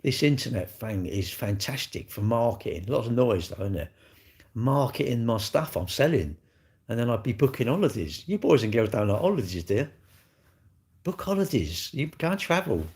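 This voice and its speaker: A man's voice: mid-range voice, very animated, moderate pace, darkish tone. A middle-aged man talks straight to his livestream chat, cheeky and blunt. He swears without a second thought and teases his viewers in easy, chatty banter. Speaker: livestream host. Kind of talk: casual livestream chat reading viewer comments.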